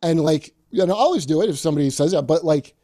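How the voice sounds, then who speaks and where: A man's voice: a little high, lively intonation, quick pace, mellow, no echo, studio quality. A man hosting a comedy podcast, riffing in casual chat with a sardonic, profane edge. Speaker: podcast host.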